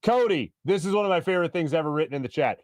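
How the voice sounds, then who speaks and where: A sports talk host in his thirties, chatting with his viewers and laughing at their comments. His voice sits a bit high for a man. It is recorded dry and close, with no room echo. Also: expressive, racing, darkish tone. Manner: chatty, jokey, laughs often. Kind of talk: casual live-stream chat reading viewer comments.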